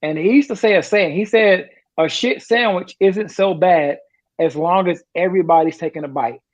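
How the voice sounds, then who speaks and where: Retired sergeant major in his forties, high-pitched and profane, on muffled podcast audio. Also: normal speed. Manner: profane, animated storyteller. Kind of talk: casual storytelling.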